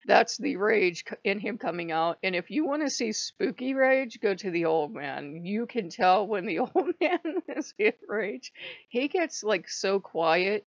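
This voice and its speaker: A woman's voice: mid-range voice, expressive, measured pace, no room sound, dull audio. A woman talking in a casual vlog monologue, blunt and profane, rambling and often breaking into laughs. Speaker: spiritual YouTuber.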